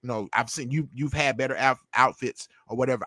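A man's voice: medium pitch, fast, hardly any pauses, a bit bright, no room sound. A man, a podcast guest talking in an emphatic, preachy way and often repeating himself. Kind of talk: opinionated casual talk.

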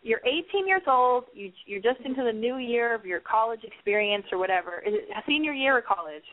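Over a dry phone line with no room sound, a young female call-in advice host talks briskly and animatedly in a voice on the high side. She's blunt, swears heavily, and keeps wandering into rambling asides.

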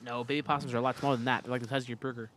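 Fast-talking man in casual chat. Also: mid-range voice, level tone, fairly bright tone, a little hiss or hum. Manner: quick, repeats words.

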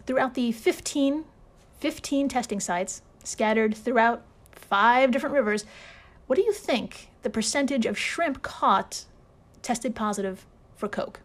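A woman's voice: fairly high pitch, a little slow. A woman hosting a casual storytelling podcast, sarcastic, swearing freely and laughing often. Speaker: podcast host.

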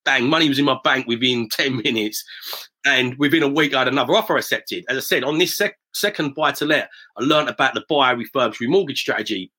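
A middle-aged man talks quickly in a bright, slightly husky voice. He tells stories in a casual, anecdotal way and slips into the voices of people he quotes. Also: medium pitch. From south-east England, near Romford. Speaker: property investor, guest. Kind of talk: casual storytelling interview.

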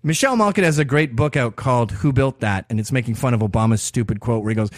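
A man's voice: mid-range voice, quick pace, hardly any pauses, no echo. A man hosting a podcast, delivering a profane, provocative and sarcastic opinion monologue into a close mic. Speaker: podcast host.

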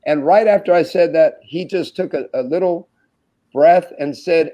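A man in his sixties who once played college basketball tells stories in an interview, speaking at a normal pace with a fairly high pitch. He's an animated storyteller who acts out the quoted dialogue and laughs often.

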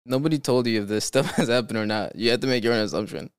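A man's voice: medium pitch, racing, clear, resonant tone, no room sound. A man hosting a podcast, chatting casually with lots of fillers and laughs, then reading stories aloud. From California. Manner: laughs often, rambling with fillers. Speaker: podcast host.

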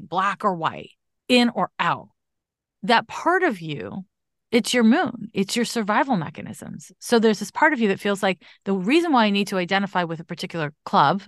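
A woman's voice: medium pitch, no echo. Emphatic woman astrologer, dry sound. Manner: emphatic, animated, casual swearing. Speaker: astrologer podcast host. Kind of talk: conversational astrology reading.

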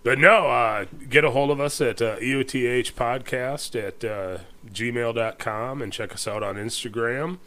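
A middle-aged man co-hosting a podcast with a bright, forward tone that sits at an ordinary pitch. He talks in a loose, laid-back drawl, trailing off and groaning between thoughts. The chat is easy and unhurried. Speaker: podcast co-host. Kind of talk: casual chat.

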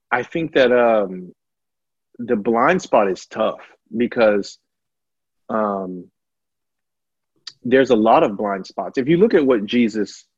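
A husky-voiced man, a pastor, speaks candidly in conversation, getting louder and higher when he presses a point. The recording is dry and a little dull. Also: no echo. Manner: impassioned, rising loud and high when stirred.

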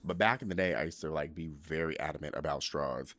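A young man hosting a podcast in sassy, campy casual chat, cursing freely and swinging between low mumbles and high squeals. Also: quick pace, fairly bright tone, a little hiss or hum. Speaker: podcast host.

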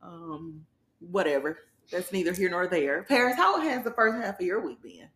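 A woman's voice: lowish voice, animated, normal speed, a bit bright. A woman hosting a casual podcast chat, playful and laughing often. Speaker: podcast host. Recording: echoey room.

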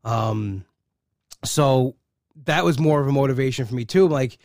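A man's voice: medium pitch, a little mellow, no echo. Man, 40s, podcast host, casual rambling chat, dry close studio sound. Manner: rambling, halting with many restarts.

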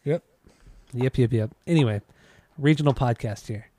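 A man's voice: medium pitch, normal speed, warm tone, no room sound. A man co-hosting a casual music podcast, laid-back and swearing freely in conversation. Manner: laid-back, profane, laughing easily. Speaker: podcast co-host.

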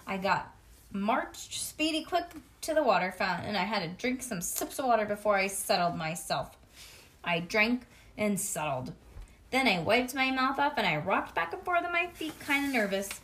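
A woman reading a children's storybook aloud to a child in an expressive, sing-song way. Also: mid-range voice, normal speed. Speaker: reader.

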